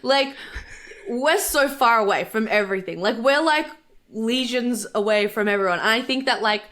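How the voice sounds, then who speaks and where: Australian woman, podcast guest, casual chat, animated, fairly high voice, lots of likes. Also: normal speed. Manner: animated, laughing often, many likes and restarts.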